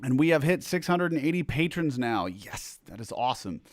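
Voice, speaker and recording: A man's voice: mid-range voice, sing-song, a little fast. A man chats casually on a livestream from a room at home, reading viewer comments aloud and trailing into rambling asides full of fillers. His voice sits in an ordinary middle range. The sound is dry, with little room echo. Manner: rambling, chatty, self-interrupting with fillers. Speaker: musician hosting a livestream for supporters.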